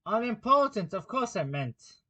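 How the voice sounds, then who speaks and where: A man's voice: fairly high pitch, animated, normal speed, highs cut off. Man doing a shrieking, fussy storybook king. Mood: flustered. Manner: shrieking, emphatic outbursts. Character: fussy, excitable king presiding over a trial.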